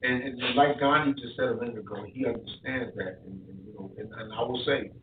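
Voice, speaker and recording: A man's voice: mid-range voice, brisk, background noise. Boxing coach guy telling stories, echoey room, tinny far-off sound. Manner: animated storyteller, repeats words. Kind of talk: casual podcast chat.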